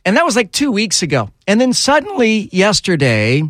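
A male radio host chats casually in a studio, his voice sitting a little high. He turns animated and exasperated, jumping way up in pitch when something annoys him. The sound is close and dry. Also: moderate pace, no echo. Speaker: radio talk show host. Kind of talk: casual talk radio banter.

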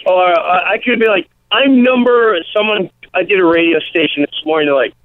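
Animated man on a tinny phone line. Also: sits high, a little fast, dry recording. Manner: animated storytelling, acts out quotes. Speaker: comedian guest. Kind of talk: casual radio interview.

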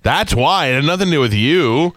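A man's voice: fairly high pitch, expressive, a little fast, a bit bright, no room sound. A man hosting a radio show, teasing his co-hosts in casual banter. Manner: teasing, joking.

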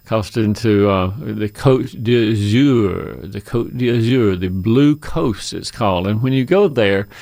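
A man's voice: lowish voice, takes it slowly, gravelly, hardly any pauses, a little mellow, dry recording. A man hosting a gardening call-in radio show, telling travel stories in a folksy, chatty way and laughing often. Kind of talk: casual radio chat. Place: radio studio.

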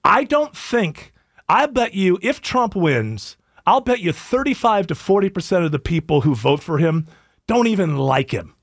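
A man's voice: sits high, very animated, normal speed, no room sound, clean studio sound. A man hosting a talk radio show, giving wry, sarcastic opinions in casual comedic banter.

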